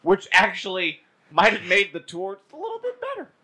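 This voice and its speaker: Sarcastic bright-voiced man. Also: sits high, huge pitch swings, normal speed, breathy edge. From Houston area, Texas. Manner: sarcastic, profane storytelling. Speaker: podcast co-host. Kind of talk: casual chat.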